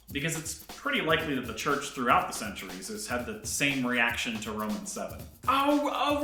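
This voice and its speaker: A man hosting a comedic devotional vlog in a playful, self-mocking yet earnest way. His voice is bright and fairly high, with pitch that leaps around. The sound carries an echoey room. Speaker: host.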